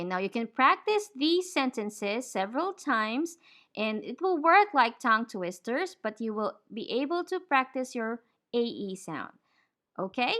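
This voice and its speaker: A woman teaching English pronunciation, modeling words slowly and clearly for learners to repeat. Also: on the high side, sharp tone. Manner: slow, clear, drawn-out word modeling.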